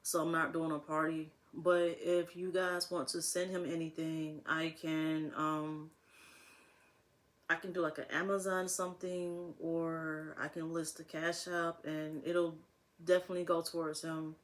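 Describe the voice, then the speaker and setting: A woman's voice: sits low, little pitch movement, unhurried. A young woman talking casually to camera as a vlogger, rambling and laughing often.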